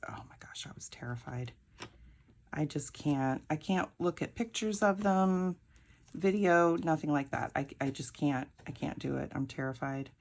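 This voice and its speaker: Low-pitched with some vocal fry, this woman is a crafting vlogger who chats her way through a rambling story as she works on her craft. Her casual storytelling is full of frequent laughter.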